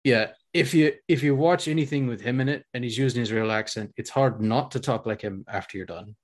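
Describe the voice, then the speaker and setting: A man's voice: mid-range voice, a little fast. Chatty man co-hosting a podcast. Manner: chatty, rambling, laughs often. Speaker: podcast co-host. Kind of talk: casual chat.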